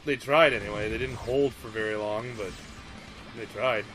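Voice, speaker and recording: A young man giving casual let's-play commentary in a dry, sarcastic way, sometimes dropping his voice low for jokes. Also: fairly even intonation, normal speed, music in the background.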